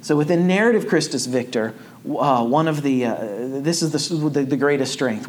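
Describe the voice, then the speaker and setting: A man's voice: a little high, normal speed, few pauses. Man preaching a sermon, impassioned, rising oratory, faint background noise.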